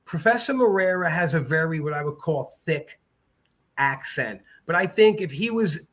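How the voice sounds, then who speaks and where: A middle-aged man telling stories as a podcast guest, animated and jokey. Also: on the high side, moderate pace. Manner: animated, jokey, mimics voices. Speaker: podcast guest, jiu-jitsu black belt. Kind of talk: casual storytelling.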